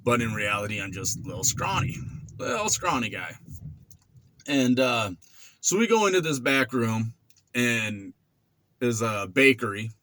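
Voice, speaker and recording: A man's voice: mid-range voice, measured pace, long pauses, slight background noise. A man in his forties casually telling a story about his past, acting out voices and sound effects as he goes. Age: 40s. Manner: animated, acts out quotes and sound effects. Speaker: vlogger.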